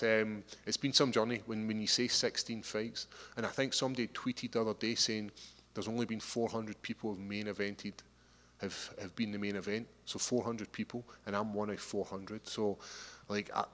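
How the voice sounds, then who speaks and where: A man's voice: lowish voice, steady tone, a little fast, fairly bright tone. A Scottish man in his thirties, a fighter answering media questions with easygoing, rambling talk full of restarts. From Scotland. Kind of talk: casual interview answers. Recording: long hall reverb.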